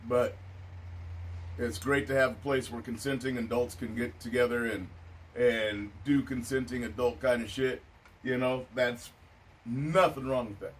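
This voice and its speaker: A man's voice: medium pitch, steady tone, measured pace. Laid-back musing man, heard from afar. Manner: laid-back and musing, with many filler phrases. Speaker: podcast host. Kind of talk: casual stoner chat. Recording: distant mic with faint noise.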